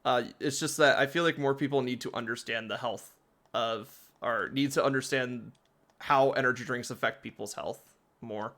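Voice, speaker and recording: A man's voice: mid-range voice, steady tone, moderate pace, pushed and bright. A man giving casual, rambling commentary while playing a game, often laughing.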